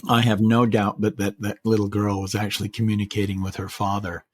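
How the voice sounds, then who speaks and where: A man hosting a podcast, retelling a personal story in casual chat, measured and full of quoted dialogue. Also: on the low side, monotone, no room sound.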